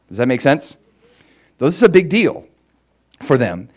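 A man's voice: mid-range voice, very animated, moderate pace, long pauses, a little mellow. An American man preaching a casual teaching sermon, talking loosely with lots of "like" and "you know" and checking that his listeners follow. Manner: conversational, many fillers like "like" and "you know"; checks in with listeners by asking if it makes sense. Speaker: pastor.

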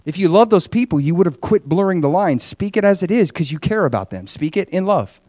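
A man's voice: high voice, sing-song, fairly quick, darkish tone, no room sound, clean studio sound, pitched above the performer's own voice. A man voicing a divine male teacher who insists and pleads earnestly. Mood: urging.

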